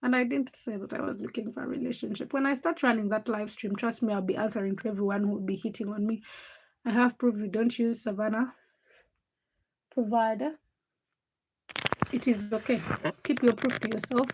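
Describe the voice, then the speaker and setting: A woman's voice: fairly high pitch, husky. A tired young woman hosting a late-night livestream, teasing and chatting with viewers as she reads their comments by name. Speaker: livestream host.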